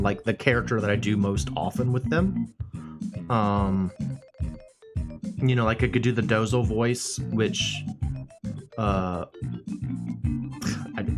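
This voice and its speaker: Male streamer, playful and rambling, lively voice, guitar music behind. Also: mid-range voice. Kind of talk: casual chat while drawing on stream.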